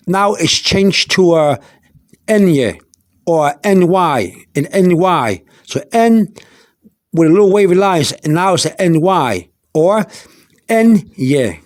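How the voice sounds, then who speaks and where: A man teaching an informal vocabulary lesson, going slowly over each word, spelling words out letter by letter and wandering into asides. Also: sits high, no room sound, studio quality. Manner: meandering, with many restarts and fillers. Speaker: Spanish teacher.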